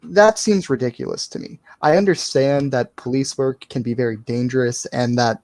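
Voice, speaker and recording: A man on a casual live panel talk who speaks in a measured, reasoning way. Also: medium pitch, darkish tone, dry recording.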